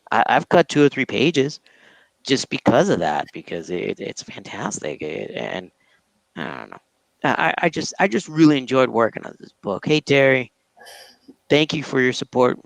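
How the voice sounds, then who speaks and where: A man's voice: medium pitch, vocal fry, no echo, rough recording. A man from Brooklyn, a comic book artist, chatting casually on a podcast, joking and laughing often and restarting his sentences. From Brooklyn, New York.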